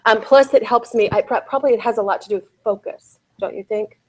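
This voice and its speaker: A woman's voice: fairly high pitch, fast, darkish tone. A woman in her forties giving a real estate sales bootcamp talk, often asking her audience "right?" and "okay?".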